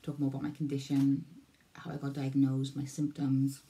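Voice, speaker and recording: Welsh woman vlogger, 40s, dark gravelly voice, rambles and repeats herself. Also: extremely low pitch, monotone, moderate pace. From Wales. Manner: rambling, repeats herself, loses her thread. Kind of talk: casual vlog talk to camera.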